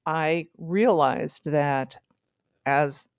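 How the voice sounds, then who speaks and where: An older retired woman from the congregation sharing a measured, wry reflection. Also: deep voice, no echo.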